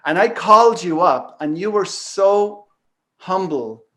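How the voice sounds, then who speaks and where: A man's voice: high-pitched, animated, slow pace, fairly bright tone. A man hosting a talk show, casually telling a personal story, rambling with lots of fillers and the odd swear word. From Canada. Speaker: podcast host.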